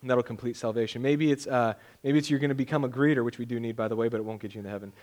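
A man's voice: mid-range voice, fairly even intonation, rapid-fire, darkish tone. A young man preaching a sermon as pastor, conversational and joking, often acting out imagined voices.

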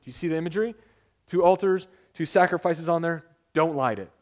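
A male pastor with a voice on the high side delivers a casual, conversational sermon full of jokes. When he reads scripture aloud, he does so in a measured way.

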